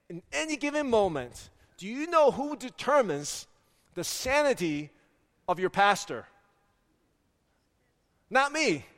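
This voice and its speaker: A man in his forties preaches a sermon in a high, bright voice, firing rhetorical questions at the congregation. His words ring out with a long church reverb. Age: 40s. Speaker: pastor. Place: church sanctuary.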